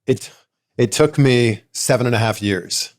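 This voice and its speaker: A male interview host with a mid-range voice. He talks in a relaxed way and asks short, curious follow-up questions. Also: mid-range voice, a little slow. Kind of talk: casual interview.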